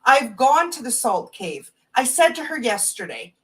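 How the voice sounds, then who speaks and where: A woman hosting a live spiritual stream, gently reading oracle card messages aloud and reflecting on them. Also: fairly high pitch, sing-song, a little slow, few pauses. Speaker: host reading oracle cards. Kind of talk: slow spiritual live talk. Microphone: phone or webcam on a live stream. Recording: distant from the mic.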